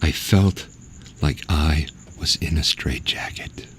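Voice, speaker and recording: A man putting on a soft, breathy whispered role-play voice to mock a woman politician. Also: a bass voice, takes it slowly, slight background noise, voice pushed down, heavily acted. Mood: hushed.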